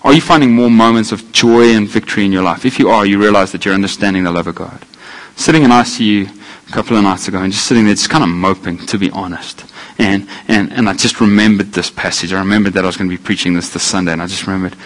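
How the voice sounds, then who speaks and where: A man preaching a sermon, animated and self-deprecating, swinging from quiet asides to loud exclamations. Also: mid-range voice, brisk, low-quality recording. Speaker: pastor.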